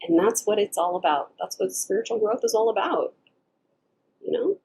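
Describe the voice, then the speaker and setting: A woman's voice: mid-range voice, big pitch swings, moderate pace, vocal fry, a little mellow, slight background noise. A woman giving a casual tarot reading to her viewers, chatty and digressive, laughing often and slipping into little acted-out voices. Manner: acts out quoted speech in shifting voices. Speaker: tarot reader.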